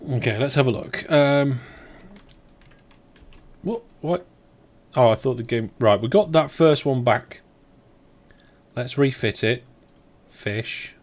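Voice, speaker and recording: A man's voice: medium pitch, slow, long pauses, a little mellow. A man streaming a game live, thinking aloud as he plays and chatting back to his viewers. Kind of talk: live let's play commentary.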